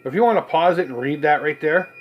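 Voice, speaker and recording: A man in his forties with a fairly high voice talks fast while hosting a casual collectibles unboxing video, rambling, swearing freely, joking and laughing. The audio is dull, with slight background noise.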